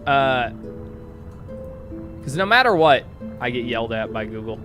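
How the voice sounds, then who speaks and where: Bright-voiced male streamer, rambling asides. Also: mid-range voice, animated, measured pace, soft background music. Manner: rambling, sarcastic asides to chat. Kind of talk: casual live-stream reading of online posts.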